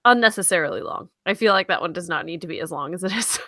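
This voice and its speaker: A woman co-hosting a science podcast, chatty with quick quips. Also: on the low side, bright, forceful tone, no room sound, studio quality. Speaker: podcast co-host. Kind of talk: casual chat.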